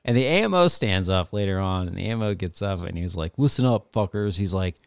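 A retired fighter pilot in his forties tells squadron stories in a loose, profane, animated way. His voice is deep and smooth. The sound is dry and close. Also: fast talker, no room sound. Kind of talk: casual storytelling interview.

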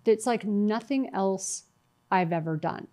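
A middle-aged woman, a guest in an interview, talking in a lively, storytelling way and acting out what others said to her. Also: mid-range voice, a little slow. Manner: animated storytelling, quotes herself and others. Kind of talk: conversational interview.

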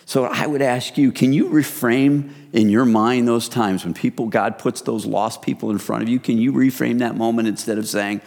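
A middle-aged man preaching a sermon as pastor, in a relaxed, conversational way that speaks to listeners as "you guys". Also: mid-range voice, normal speed, gravelly, few pauses. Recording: reverberant hall.

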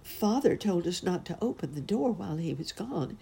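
A woman voicing a kind, brave boy who speaks earnestly and gently in a storybook reading. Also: fairly low pitch, big pitch swings, moderate pace, gravelly, breathy edge, pitched above the performer's own voice, heavily acted.

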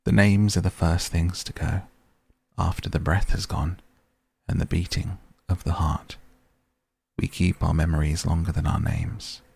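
A man's voice: deep voice, fairly even intonation, a little slow, vocal fry, breathy edge, exaggerated voice. A man voicing a wistful ghost child. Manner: hushed, wistful, old-fashioned speech. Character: sad faint ghost child from long ago.

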